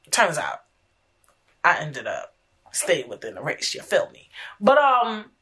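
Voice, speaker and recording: Here a young woman hosts an easygoing chat, telling stories in a medium-pitched, somewhat bright voice. She talks frankly and chattily, with profanity and plenty of repeating herself.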